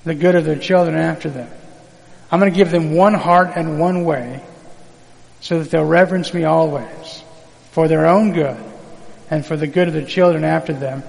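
A man's voice: fairly high pitch, moderate pace, vocal fry, darkish tone, long reverb tail, rough recording. A man preaching a sermon, reading scripture aloud and drawing call-and-response from the congregation.

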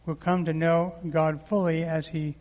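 Male pastor mid-sermon, energetic scripture reading, muffled recording with long reverb. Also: a little high, a little slow. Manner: lively preaching with crowd call-and-response.

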